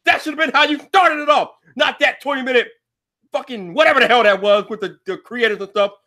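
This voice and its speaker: A young man hosts a ranting tech show, his voice very high and cutting. He talks loud and exasperated, often breaking into shouts and swearing. Every complaint comes out sharp and bright. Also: brisk. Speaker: show host.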